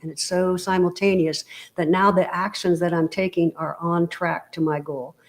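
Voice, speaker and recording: A woman's voice: lowish voice, level tone, normal speed. A woman guest on an interview show, talking casually and explaining her ideas with everyday analogies and frequent check-ins with the listener. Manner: explanatory, full of analogies and "you know". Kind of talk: casual motivational conversation.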